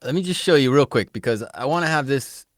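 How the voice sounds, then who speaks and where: A man hosting a podcast in a casual interview chat, animated and quick to laugh. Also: medium pitch, no echo, clean studio sound. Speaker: podcast host.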